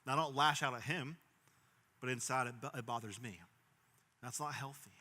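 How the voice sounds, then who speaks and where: A young man preaching a sermon as pastor, earnest, swinging from emphatic bursts to quiet, low stretches. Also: fairly even intonation, moderate pace, big-room sound. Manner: earnest, rising to emphatic bursts then dropping soft.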